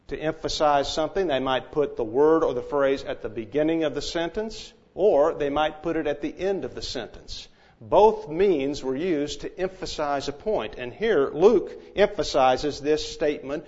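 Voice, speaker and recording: A man preaching an expository sermon, teaching in a measured, deliberate and emphatic way. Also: fairly high pitch, lo-fi sound. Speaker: pastor.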